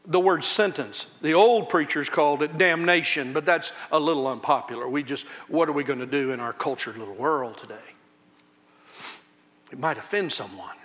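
A man preaching a sermon from a church pulpit, his voice bright and a touch high. He swings between loud, soaring outcries and low, hushed warnings. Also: normal speed. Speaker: pastor.

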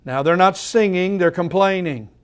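Man preaching a slow, deliberate sermon. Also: sits high, clear, resonant tone. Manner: repeats phrases for emphasis. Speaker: pastor.

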